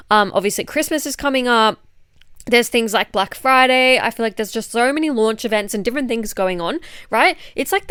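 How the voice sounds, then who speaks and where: A woman's voice: mid-range voice, a bit bright, smooth, no echo, studio quality. A woman with an Australian accent, a fitness coach and podcast host who is a bit unwell, talking in a blunt, chatty, swear-heavy way. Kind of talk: casual chat monologue.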